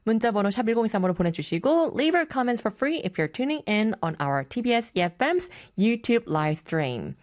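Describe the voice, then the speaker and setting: A woman hosting a morning radio show, chatting in a bubbly, giggly way and switching quickly between languages. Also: medium pitch, no echo, studio quality. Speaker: radio host. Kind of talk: bilingual radio talk.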